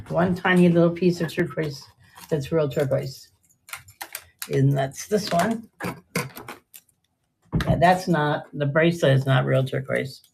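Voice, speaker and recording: A woman's voice: low-pitched, creaky, darkish tone, a little hiss or hum. An older woman chatting casually and rambling through a live jewelry sale, often trailing off mid-sentence. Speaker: live-stream jewelry seller.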